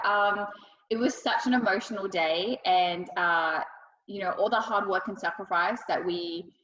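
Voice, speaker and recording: A woman's voice: mid-range voice, fairly bright tone. Young aussie woman gushing in an interview, lots of ums, roomy echoey sound, kinda dull audio. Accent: Australian. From Australia. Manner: enthusiastic, filler-heavy, effusive. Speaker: wrestler. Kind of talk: casual interview answers.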